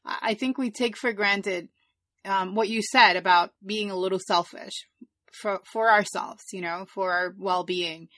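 Female host, middle-aged, relaxed casual chat, dry close mic. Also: mid-range voice, unhurried, no echo. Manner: relaxed, reflective, with fillers. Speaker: podcast host.

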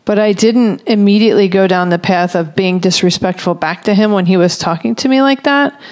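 A woman in her forties giving a reflective talk on parenting, speaking slowly and deliberately and repeating phrases for emphasis. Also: mid-range voice, a little mellow.

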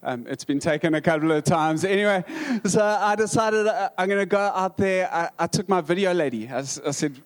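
A pastor with a South African accent and a high voice tells funny stories during a sermon. His delivery halts, restarts often, and carries a dry humor.

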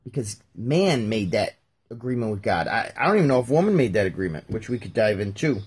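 A man's voice: on the low side, very animated, fairly quick, breathy edge. A man hosting a casual talk, reading Bible verses aloud and joking about them as he goes. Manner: jokey, talks while flipping through pages. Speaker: podcast host reading scripture.

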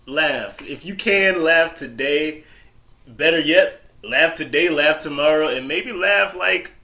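A woman's voice: sits low, takes it slowly, bright, forceful tone. A woman co-hosting a casual podcast, laid-back, laughing along and signing off to listeners. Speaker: podcast co-host. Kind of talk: casual chat.

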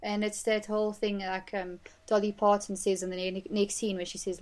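Woman, podcast host, casual film chat, animated, mid-pitched voice. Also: moderate pace, hardly any pauses. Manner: animated, acts out quotes, laughs often.

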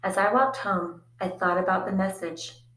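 A woman reads a first-person story aloud in a quiet, reflective way, her voice sitting in a middle register. The recording carries a noticeable echo from the room. Her storytelling stays even and unhurried. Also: medium pitch. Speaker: audiobook narrator. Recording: echoey room.

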